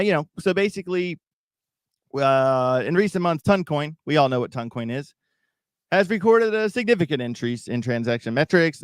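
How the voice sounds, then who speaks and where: Here a man hosting a crypto YouTube livestream rambles casually at his viewers, repeating himself and restarting often. His voice sits at a medium pitch. The recording is studio quality, with no room sound.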